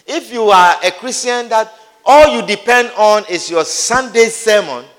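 High-voiced male preacher in a reverberant hall. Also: expressive, measured pace, fairly bright tone. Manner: acts out scenes, repeats phrases for emphasis. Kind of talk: sermon.

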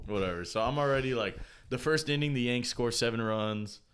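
A young man, telling a story in casual chat, swearing and excitable. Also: medium pitch, fairly quick, smooth. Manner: excitable, swears a lot, laughs mid-story.

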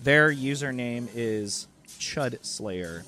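A man's voice: medium pitch, lively intonation, extremely slow, pushed and bright, a little hiss or hum. A man hosting a casual online hangout, loose and slangy, talking over a video call. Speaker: host. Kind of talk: casual chat.

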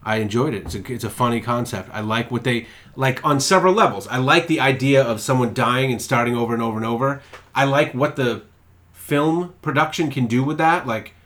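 A man's voice: mid-range voice, a little fast, fairly bright tone. A man in casual podcast conversation, easygoing and chatty, walking through the plot of a series. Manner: chatty, easygoing, talks through show plots. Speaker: podcast co-host.

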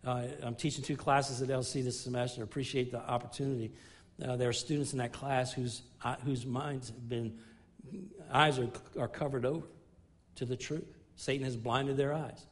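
A middle-aged man preaching a sermon at a medium pitch. He talks earnestly and restarts phrases as he builds toward a point. For stories he drops to a quieter, more intimate tone. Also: steady tone, normal speed. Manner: earnest preaching, rising in emphasis and dropping low for anecdotes. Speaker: pastor.

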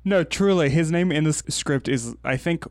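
A man's voice: on the high side, lively intonation, moderate pace, no room sound, studio quality. A man talking as a podcast guest in a chatty, rambling way. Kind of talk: casual chat.

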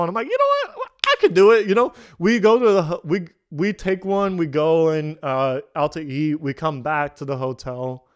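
Young man, podcast co-host, high voice, animated, laughing storyteller. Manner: animated, laughing, swearing, acts out quotes. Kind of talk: casual chat, storytelling.

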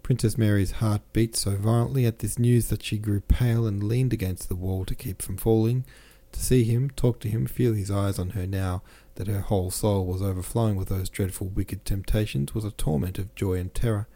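A man narrating a classic novel as a podcast host, reading in a measured way with small self-corrections. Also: lowish voice, fairly even intonation, mellow. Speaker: podcast host and audiobook reader.

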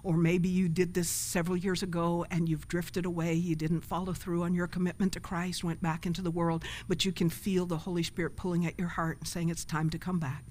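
A woman's voice: on the low side, flat delivery, a little fast, hardly any pauses, darkish tone. A woman pastor preaching a sermon and leading an altar call, emphatic and calling for responses from the congregation.

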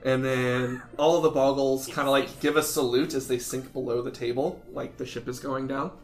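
A man's voice: medium pitch, little pitch movement, normal speed. A man narrating a tabletop game as game master, describing scenes in a loose, rambling way full of fillers. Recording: roomy echo with faint music.

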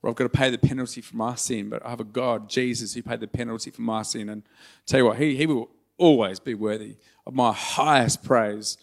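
Emotional man preaching with a gravelly voice. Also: medium pitch, steady tone, fairly quick. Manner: earnest, emotional and conversational, with self-deprecating humor. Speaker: pastor. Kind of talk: sermon. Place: church hall.

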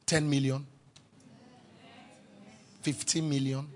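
A man's voice: mid-range voice, flat delivery, slow, background noise. A man preaching a sermon as pastor, emphatic and calling out to the congregation for responses.

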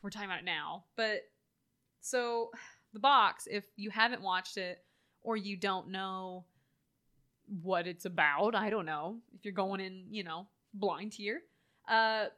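A woman co-hosting a casual chat, animated and full of filler words, acting out quoted lines as she talks. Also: medium pitch, measured pace. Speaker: podcast co-host. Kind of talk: casual chat reviewing a horror film.

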